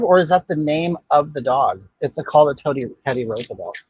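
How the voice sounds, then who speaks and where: Sassy older man with a husky voice. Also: a little high, animated, fairly quick, no echo. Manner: sassy, gossipy, blunt, with frequent restarts. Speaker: livestream host. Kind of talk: casual chat reading viewer comments. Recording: dull, muffled dry audio.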